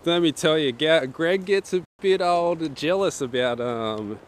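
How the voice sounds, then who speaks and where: A man with a slightly raised pitch talks casually and jokes as he hosts a live stream. He reads viewer messages aloud while he shoots arrows outdoors, with faint wind in the background. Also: unhurried. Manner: chatty and joking, reads viewer chat aloud. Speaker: archery livestream host. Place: outdoors at an archery range in wind. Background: wind noise.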